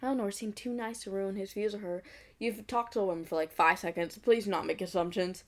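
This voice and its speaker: A woman's voice: mid-range voice, fairly quick. Giggly young woman reading fanfic aloud. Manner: giggly, mocking asides. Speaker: fanfic reader. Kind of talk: reading a fan fiction aloud with commentary.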